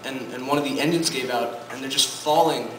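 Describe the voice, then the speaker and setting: A man quietly telling a story to introduce a song at a live coffee house performance, strumming as he talks. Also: mid-range voice, a little hiss or hum. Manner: quiet, unhurried storytelling over guitar. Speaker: singer-songwriter performing live. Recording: roomy, distant live recording with loud guitar. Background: loud live acoustic guitar.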